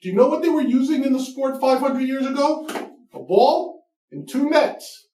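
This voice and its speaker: A man's voice: very high-pitched, expressive, moderate pace, warm tone. A man hosting a comedy show, ranting in a mocking, profane, emphatic way. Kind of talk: comedic rant. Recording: echoey room, mic far off.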